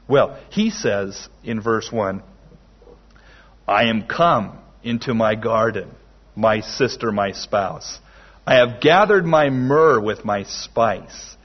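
A man preaching a sermon slowly and emphatically, with dramatic pauses. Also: lowish voice, animated. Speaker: pastor. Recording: dull lo-fi sermon recording.

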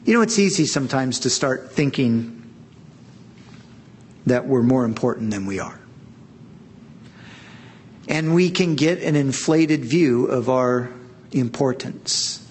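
A middle-aged man preaching a sermon, earnest and emphatic, drawing out key words with long pauses. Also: medium pitch, animated, a little mellow, a little hiss or hum. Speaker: pastor.

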